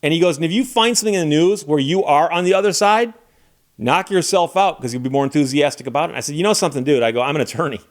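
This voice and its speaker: A man's voice: on the high side, very fast. A middle-aged man from Michigan, telling a casual story as a channel host and acting out the dialogue of the people in it. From Michigan, USA. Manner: animated anecdote-telling, acting out quoted dialogue.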